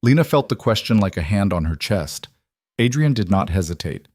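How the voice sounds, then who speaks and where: Male narrator for a dramatic story, low pitch, measured, dry. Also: sing-song, darkish tone, dry recording.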